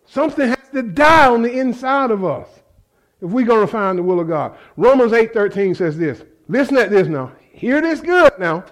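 A man's voice: extremely high pitch, sing-song, moderate pace. A man preaching a sermon in a fervent, conversational way, repeating phrases and calling out to the congregation. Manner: fervent, conversational preaching with repetition and call-and-response.

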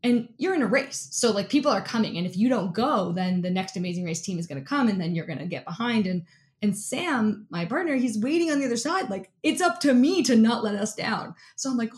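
A woman guest in an interview, telling a lively story in a casual way, with lots of "like" and frequent laughter. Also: mid-range voice, a little fast. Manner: animated, fills speech with "like", laughs often. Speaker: interview guest, athlete and keynote speaker.

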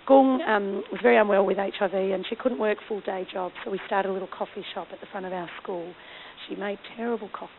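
A woman speaking at a mission conference, telling lively, self-deprecating stories. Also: mid-range voice. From Australia. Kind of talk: storytelling talk. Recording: tinny phone-like lo-fi recording with faint hiss.

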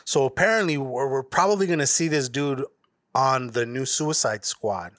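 A podcast host with a mid-range, fairly bright voice chats casually at a moderate pace, rambling and swearing in loose slang. The studio sound is clean, with no room sound.

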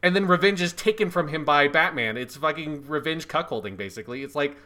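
Bright, slightly high man ranting about a film. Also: animated, brisk, few pauses. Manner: emphatic, profane, laughs at the film. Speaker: podcast co-host. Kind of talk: casual film review chat.

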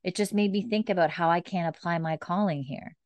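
A woman's voice: lowish voice, fairly quick, dry recording, highs cut off. A woman co-hosting a casual podcast, retelling TV scenes line by line with fillers. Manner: recounts dialogue in a flat retelling voice, casual fillers. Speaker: podcast co-host recapping a TV episode.

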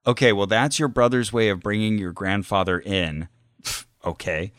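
A man's voice: on the low side, normal speed, fairly bright tone, clear, resonant tone, no echo, studio quality. A man casually recounting a story on a podcast, acting out the quotes. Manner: recounts events, acts out quotes. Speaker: podcast co-host.

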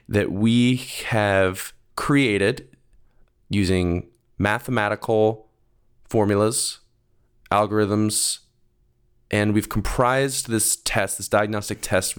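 A young man with a smooth, lowish voice co-hosts a film podcast, chatting casually. He rambles, fills his speech with "like" and "um," and laughs easily.

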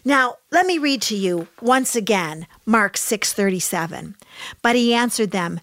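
A woman preaching a sermon in an emphatic way, dropping to soft low asides and rising to raised exclamations. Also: very animated, moderate pace, no room sound, clean studio sound. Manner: addresses listeners as "honey".

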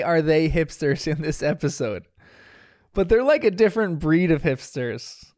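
A man's voice: a little high, darkish tone, clean tone, no room sound, clean studio sound. A young man from New Jersey hosting a casual cartoon review, chatty and laughing often at his own asides. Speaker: podcast host reviewing a cartoon. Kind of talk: casual episode commentary.

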